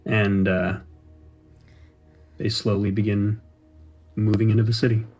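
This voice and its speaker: A young man narrating a tabletop role-playing game as game master, relaxed, with fillers. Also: on the low side, a little slow, faint music behind.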